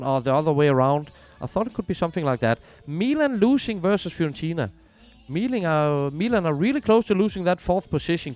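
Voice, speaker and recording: Chatty man streaming a football game. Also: fairly high pitch. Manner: chatty, reads viewer messages aloud. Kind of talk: casual game livestream chat.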